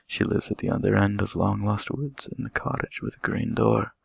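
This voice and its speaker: Man reading a small, nervous storybook girl; breathless, gravelly deep voice. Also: fairly even intonation, moderate pace, dry recording, clean studio sound, full character voice. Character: young girl Little Red Riding Hood, nervous.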